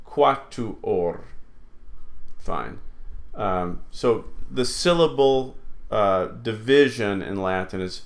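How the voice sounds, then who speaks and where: Guy doing a latin lesson online, talks real slow and patient, lots of ums. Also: mid-range voice, a bit bright. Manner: slow, patient explaining with many fillers. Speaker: Latin teacher.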